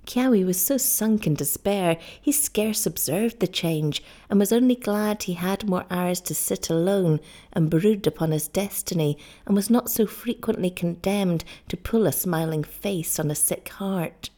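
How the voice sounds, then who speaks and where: A woman narrating a story aloud in a measured, even way. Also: fairly low pitch. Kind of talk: scripted audiobook narration.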